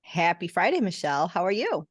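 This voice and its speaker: A woman's voice: fairly low pitch, big pitch swings, fairly quick, no echo. Talkative woman podcaster, dry sound. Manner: talkative, storytelling. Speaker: podcast co-host. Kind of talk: casual chat.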